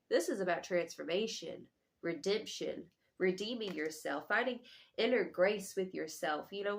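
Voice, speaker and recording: A young adult woman giving a casual tarot reading, slangy and affectionate, swearing freely and calling the listener boo-boo. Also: mid-range voice. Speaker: tarot reader.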